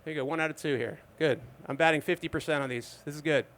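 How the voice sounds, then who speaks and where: A fifty-year-old man does stand-up at a live open mic in a bar. His voice sits a little high and comes through clean and smooth. He tells his stories in a dry, conversational way and keeps checking in with the crowd. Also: fairly even intonation, fast talker, a bit bright. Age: 50s. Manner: dry, conversational storytelling with asides to the audience. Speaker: stand-up comedian. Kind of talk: stand-up comedy set.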